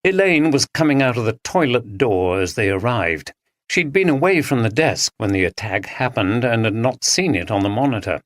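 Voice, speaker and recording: Brief: expressive male storyteller, animated delivery, dry studio read. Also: medium pitch, normal speed, no room sound. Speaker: audiobook narrator. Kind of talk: scripted narration.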